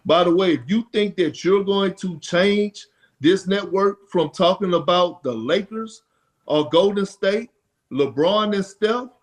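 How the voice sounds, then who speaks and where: Blunt, profane high-voiced man. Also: a little slow. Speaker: sports analyst. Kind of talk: heated commentary clip.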